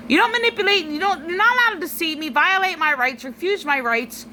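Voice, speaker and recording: A woman's voice: very high voice, expressive, a little fast, sharp tone, slight background noise, rough recording. A tearful woman rambling through a personal vlog monologue, full of restarts and fillers.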